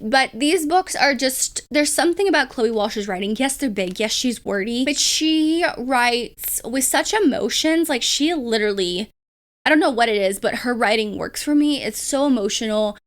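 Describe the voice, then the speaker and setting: A woman's voice: fairly high pitch, lively intonation, normal speed. A young woman hosting her own book channel, chatting casually about favorite reads with lots of likes and ums. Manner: chatty, gushing, filler-heavy with likes and ums. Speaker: booktube host. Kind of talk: casual book review chat.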